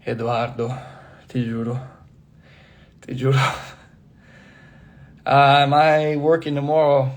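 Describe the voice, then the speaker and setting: A man's voice: mid-range voice, little pitch movement, takes it slowly, long pauses. A young man in casual livestream chat, reading fan comments aloud, laughing often and hopping between languages as he answers. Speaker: actor answering fans.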